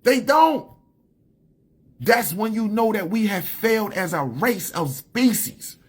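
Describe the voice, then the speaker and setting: A man ranting profanely and heatedly on a casual live stream, his voice climbing high when he gets worked up. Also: lively intonation, a little slow, husky. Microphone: phone.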